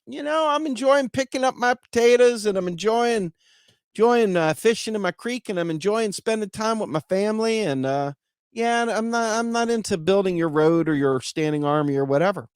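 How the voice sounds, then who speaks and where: A man's voice: high voice, normal speed, smooth, no room sound, clean studio sound, voice pushed up. A man voicing a contented, stubborn medieval peasant who talks in a folksy, indignant drawl.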